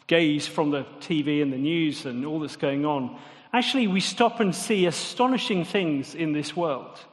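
Guy giving a chatty sermon, asks the room questions, voice on the higher side, long echo from the hall. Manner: conversational, asks the congregation questions. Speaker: preacher.

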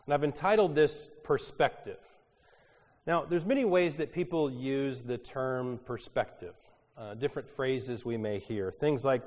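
A man preaching with a raspy voice roughened by a cold. He talks in a conversational way, with plenty of ums and uhs. His voice sits at an ordinary middle pitch and trails off into the long reverb of a large hall. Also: moderate pace, a little mellow. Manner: conversational with frequent fillers. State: hoarse from a cold. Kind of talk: sermon.

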